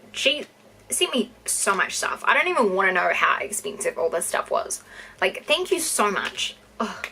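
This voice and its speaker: A young New Zealand woman with a bright, forceful voice unboxing fan mail on her vlog. She gushes and gasps, her pitch sitting a little high as she talks to her viewers. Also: slight background noise. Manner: gushing, excitable, gasping and squealing. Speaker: YouTuber.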